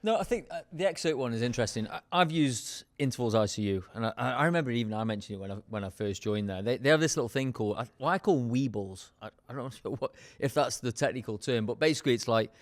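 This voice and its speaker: A man co-hosting a podcast, quick and chatty as he steers the talk. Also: medium pitch, animated, dry recording. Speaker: podcast co-host. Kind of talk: casual podcast chat.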